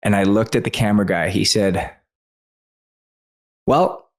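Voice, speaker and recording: A man with a fairly low voice, guest on a podcast interview. He tells a personal story earnestly, with feeling and quick asides. His delivery is conversational and heartfelt. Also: flat delivery. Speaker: guest author.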